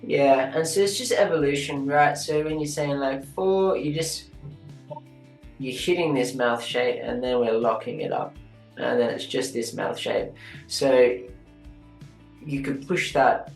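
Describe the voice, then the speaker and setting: A man with a gravelly, fry-tinged voice talks through an animation critique in a loose, chatty way, now and then half-singing a phrase to demonstrate. He sounds like he is in an echoey room, with faint guitar music underneath. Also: mid-range voice, a little slow. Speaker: animation reviewer. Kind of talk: casual teaching critique.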